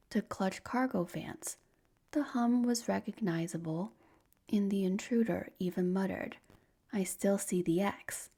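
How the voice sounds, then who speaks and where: A woman tells a sleep story in whispered role-play, her breathy voice barely above air. She speaks very slowly with a gravelly edge, and her tone sits low, mellow and dark. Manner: slow soft whispered storytelling.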